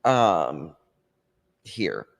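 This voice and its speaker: A man with a fairly low voice talks slowly and unhurriedly, hosting a casual true crime livestream. He thinks aloud and answers viewer comments with frequent ums and trailing pauses. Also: very animated, creaky. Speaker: true crime channel host. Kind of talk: casual livestream chat about a case.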